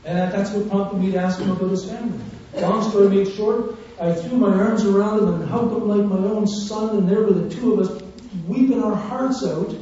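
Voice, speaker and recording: Male preacher, high voice, fervent testimony sermon, distant muffled echoey hall recording. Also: brisk, few pauses, slight background noise. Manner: fervent storytelling, swinging from hushed to loud.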